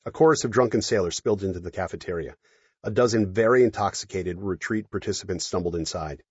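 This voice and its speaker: A man narrating an audiobook in an expressive storytelling manner. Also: deep voice, quick pace, breathy edge, dry recording. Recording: dry, dull lo-fi audio.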